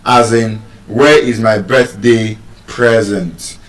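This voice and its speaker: A man's voice: medium pitch, expressive, unhurried, fairly bright tone, roomy sound, far from the mic, low-quality recording. A Nigerian man teaching English word stress to a live audience, teasing them and asking questions.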